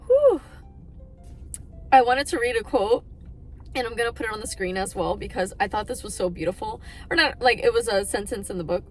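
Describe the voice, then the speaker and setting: A woman's voice: mid-range voice, fast, faint music behind. A young adult woman chatting casually about books on her vlog, gushing and emotional, with plenty of fillers. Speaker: book vlogger. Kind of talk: casual chat.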